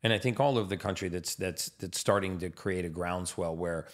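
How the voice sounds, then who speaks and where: A man's voice: deep voice, a little fast. A man hosting a podcast interview in casual chat, enthusiastic and often repeating words as he starts a sentence. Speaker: podcast host. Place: home in Miami.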